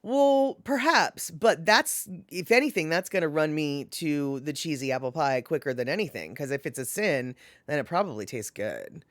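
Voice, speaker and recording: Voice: medium pitch, expressive, normal speed, few pauses, fairly bright tone, no room sound, studio quality. A live streamer in casual chat, rambling with many fillers and self-corrections while answering viewers by name.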